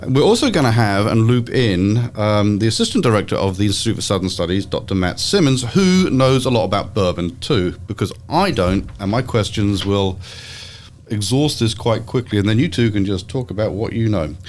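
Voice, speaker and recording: A man's voice: on the low side, moderate pace. A man hosting an interview podcast, poking fun at himself while he introduces his guest and asks questions. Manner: self-deprecating, scripted intro then relaxed questions. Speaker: podcast host.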